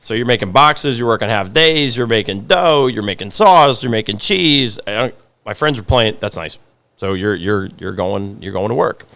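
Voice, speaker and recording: A man's voice: fairly low pitch, lively intonation, moderate pace, a bit bright. A man in his forties, a podcast guest and pizzeria owner, telling stories in casual chat, repeating phrases for emphasis. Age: 40s.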